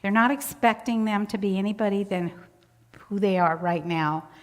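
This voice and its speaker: A woman's voice: mid-range voice, normal speed. An older woman telling a personal story in an interview, chatty, laughing often as she acts out voices. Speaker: church volunteer interviewee. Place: church sanctuary. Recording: long church hall reverb.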